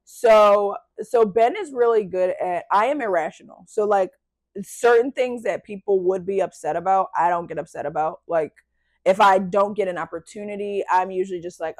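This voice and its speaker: A woman guesting on a podcast, telling stories in animated casual chat, swearing freely and laughing often. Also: medium pitch, moderate pace, dry recording. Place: podcast studio.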